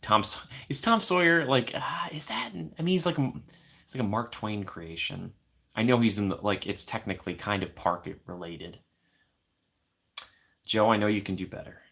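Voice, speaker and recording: A man's voice: on the low side, lively intonation, normal speed, creaky, bright, forceful tone. A man chatting casually with his viewers on a livestream from home, rambling and laughing often.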